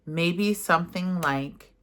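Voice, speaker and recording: A woman leading a guided affirmation session, reading gently and then talking casually with fillers. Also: fairly low pitch. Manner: gentle and unhurried, slipping into casual fillers when speaking freely. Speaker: self-help guide. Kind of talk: guided affirmation session, partly read aloud.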